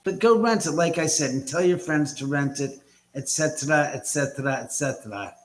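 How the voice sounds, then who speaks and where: A man's voice: a little high, moderate pace. A man hosting a casual live stream from home, rambling and blunt with casual swearing. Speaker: livestream host. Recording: echoey room.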